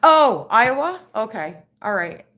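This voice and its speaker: A woman's voice: on the high side, big pitch swings, takes it slowly, a bit bright. A woman chatting casually on a live stream, reading viewer comments off her phone, rambling and stammering through restarts.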